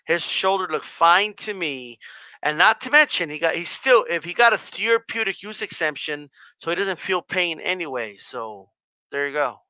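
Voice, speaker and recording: A man on a boxing podcast making matter-of-fact points in an animated way. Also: fairly high pitch, normal speed, clean tone, no echo, poor audio. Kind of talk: boxing opinion talk.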